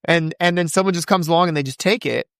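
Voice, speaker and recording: A man speaking as a podcast guest in casual conversation, fervent and quick to recite scripture from memory. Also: creaky, a bit bright, smooth, no room sound, clean studio sound. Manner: acts out quoted voices with big pitch jumps.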